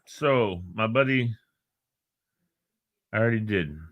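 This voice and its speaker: A man's voice: lowish voice, slow, dry recording, narrow, tinny audio. A middle-aged man hosting a live online show, chatting casually, joking and reading out viewers' names. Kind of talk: casual live-stream chat.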